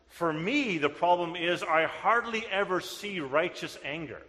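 A man's voice: fairly high pitch, lively intonation, moderate pace, hardly any pauses, sharp tone, in a large hall. A man preaching a sermon as pastor, earnest and answering his own rhetorical questions. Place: church sanctuary.

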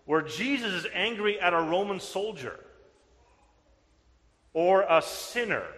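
A man's voice: sits high, fairly bright tone, long reverb tail. A man preaching a sermon as pastor, earnest and answering his own rhetorical questions. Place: church sanctuary.

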